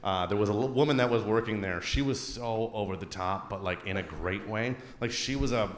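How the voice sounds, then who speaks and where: A Canadian man performing a stand-up comedy set on a club stage into a handheld mic, animated, swinging between loud bursts and low asides. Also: fairly quick, slight background noise. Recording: roomy club with crowd laughter.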